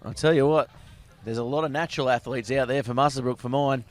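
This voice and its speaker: A man commentating a live rugby sevens match, excitable and rising to shouts at tries. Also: mid-range voice, quick pace. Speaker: sports commentator.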